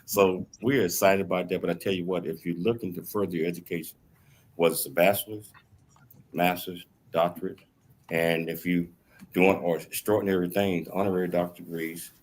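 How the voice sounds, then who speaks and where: A man with a very deep voice hosts a radio talk show. He talks with eager enthusiasm, stopping and restarting with lots of fillers. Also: fairly even intonation, slight background noise. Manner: enthusiastic, promotional, halting with fillers. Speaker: radio host and university chancellor. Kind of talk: casual radio chat.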